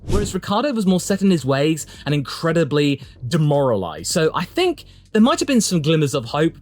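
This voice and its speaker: A man delivering chatty, opinionated solo commentary for an online video, emphatic and swinging his pitch for emphasis. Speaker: motorsport YouTube commentator.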